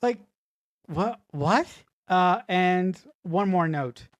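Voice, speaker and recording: A woman co-hosting a casual movie review podcast, talking in halting restarts and swearing bluntly. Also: lowish voice, animated. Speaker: podcast co-host.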